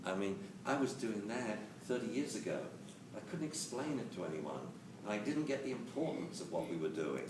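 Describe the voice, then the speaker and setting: A man giving a lively, jokey lecture on dog training to a live audience, acting out quotes as he goes. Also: fairly low pitch, normal speed, hardly any pauses. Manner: animated, jokey, acts out quotes. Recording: roomy, distant camera mic with hiss.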